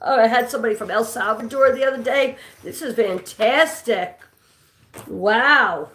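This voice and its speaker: A woman's voice: fairly high pitch, moderate pace, fairly bright tone. A woman with a New York accent hosting a live trivia stream, chatting with viewers and reading their comments aloud. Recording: echoey room.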